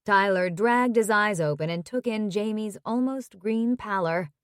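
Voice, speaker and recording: A woman narrating a romance audiobook in a measured, even reading. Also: medium pitch, smooth, no echo, studio quality.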